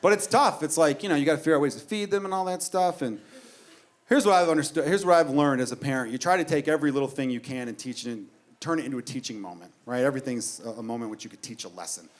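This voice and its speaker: A man's voice: mid-range voice, fast talker. A man in his thirties doing a stand-up routine on stage, telling stories about his kids with plenty of swearing and acted-out dialogue. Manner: animated storytelling, swearing, acts out his kids. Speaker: stand-up comedian. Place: comedy stage before a laughing audience.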